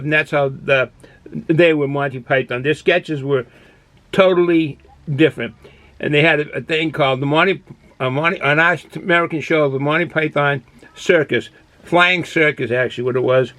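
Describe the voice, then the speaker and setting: A man's voice: on the high side, a bit bright, no room sound. An older man with a Boston accent, reviewing beers in a rambling, folksy monologue from his home den, with lots of fillers and restarts. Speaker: beer reviewer. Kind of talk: casual product review monologue. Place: cool home den he calls a man cave.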